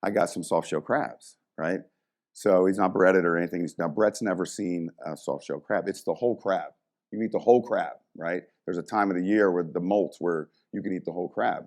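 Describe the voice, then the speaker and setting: A middle-aged man, a former strength coach, telling stories in a casual interview and acting out the people in them. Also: deep voice. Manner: animated storyteller, acts out quoted voices.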